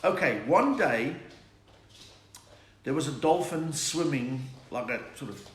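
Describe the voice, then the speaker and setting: A man's voice: fairly high pitch, lively intonation, slow pace. An older South African man, a comedian, telling jokes and reading viewer comments in a live chat from home. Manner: chatty, joke-telling, reads out viewer comments. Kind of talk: live-streamed stand-up chat. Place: home room during lockdown. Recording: echoey room.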